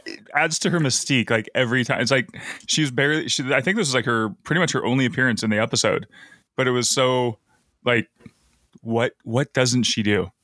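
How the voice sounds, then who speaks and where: Bright-voiced man chatting casually. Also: mid-range voice, a little fast, no echo, studio quality. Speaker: podcast co-host. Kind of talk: casual chat.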